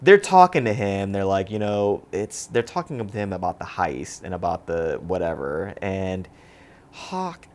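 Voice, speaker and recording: A man's voice: deep voice, measured pace, slight background noise. A man co-hosting a podcast, chatting casually and retelling a film scene by scene. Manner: animated scene-by-scene retelling, acts out lines in voices. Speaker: podcast co-host. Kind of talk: casual movie chat.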